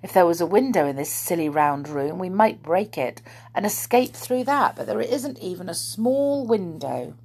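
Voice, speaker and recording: Lady reading a glum schoolboy rattling off his lines, soft breathy voice. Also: fairly low pitch, expressive, normal speed, full character voice. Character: gloomy sensible schoolboy.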